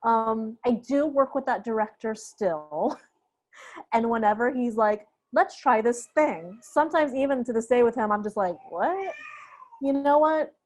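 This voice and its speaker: A young adult woman with a slightly high voice tells a story as a guest in an interview. She is animated and laughs often, slipping into the voices of the people she quotes. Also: moderate pace. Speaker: guest sound designer.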